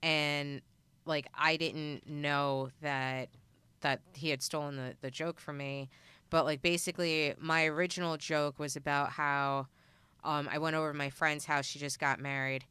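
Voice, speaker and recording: A woman's voice: sits low, little pitch movement, measured pace, sharp tone, clean tone, no echo. A woman comic telling a story in casual podcast chat, rambling with many fillers and acting out quoted voices. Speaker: stand-up comic and podcast guest.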